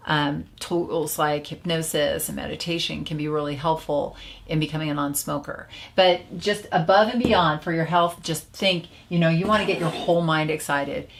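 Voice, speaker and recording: Woman, stop-smoking coach, slightly low pitch, casual, chatty, filler words. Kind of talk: casual teaching video.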